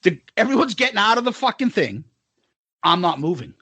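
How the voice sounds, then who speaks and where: A raspy man with a high, lively voice spins a profane story for his podcast co-host, acting out every person he meets. The sound is close and dry. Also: fairly quick, no room sound. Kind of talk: casual storytelling chat.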